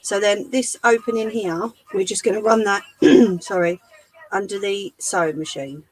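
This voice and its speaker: A woman hosting a live sewing tutorial, chatting to her viewers as she works, her voice going a little hoarse. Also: medium pitch, fairly even intonation, moderate pace, rough recording. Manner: chatty, talks to live chat while demonstrating. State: losing her voice. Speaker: craft livestream host.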